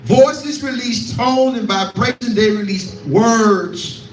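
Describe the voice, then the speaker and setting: A man's voice: extremely high pitch, slow, slight background noise. A man preaching a scripture teaching, repeating lines and calling out to his listeners. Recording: echoey room, voice from far off.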